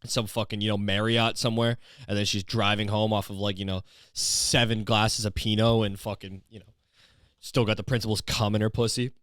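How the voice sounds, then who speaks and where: A young man from Canada hosting a podcast, rambling through a crude comedic monologue full of filler phrases and deadpan dark jokes. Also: lowish voice, fairly quick, smooth, no echo, studio quality. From Ontario, Canada. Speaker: podcast host.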